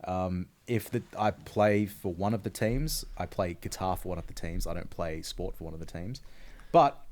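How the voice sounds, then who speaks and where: Laid-back Australian man, low voice. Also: moderate pace, darkish tone. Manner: chatty, laid-back, rambling with fillers. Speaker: podcast co-host. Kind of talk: casual chat.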